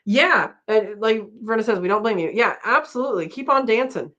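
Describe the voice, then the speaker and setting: A woman's voice: fairly high pitch, lively intonation, a little fast, bright, forceful tone. A middle-aged woman hosting a casual live-stream chat, rambling and laughing often as she reads out comments. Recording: dull lo-fi stream audio.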